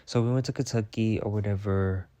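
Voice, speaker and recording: In a mellow voice on the low side, a young man spins gossip at a slightly fast clip, keeping his tone steady. It's a casual, profane, dramatic story-time monologue loaded with "I'm like" retellings, recorded with no echo.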